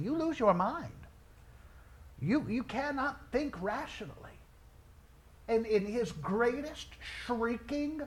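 High-voiced man preaching slow, stretches out key words, builds from quiet to shouting. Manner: dramatic, swings from quiet storytelling to shouted climaxes. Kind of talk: sermon.

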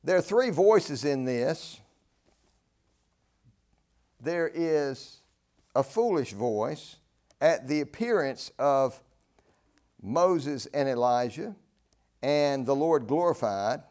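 A man's voice: fairly high pitch, animated, slow pace, pauses often, darkish tone. A man from North Carolina, preaching a folksy, earnest sermon. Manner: earnest, folksy, rises to emphatic peaks.

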